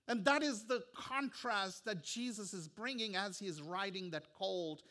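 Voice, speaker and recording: Male preacher, bright and clear, unhurried, repeats lines for weight, hushes at key points. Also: high-pitched. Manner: earnest, repetitive preaching with soft, hushed stretches. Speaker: pastor. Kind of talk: sermon.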